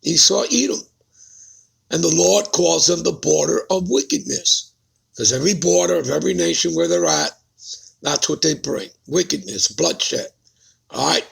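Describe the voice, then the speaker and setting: A man's voice: on the high side, normal speed, gravelly, a bit bright, breathy edge. A man preaching a Bible-study sermon who keeps putting rhetorical questions to his listeners and checking in with them.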